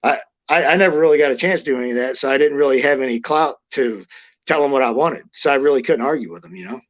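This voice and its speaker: A man's voice: mid-range voice, fast talker. A middle-aged man, a former wrestler, telling stories in a casual interview, blunt and profane, rambling with restarts. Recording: lo-fi muffled audio.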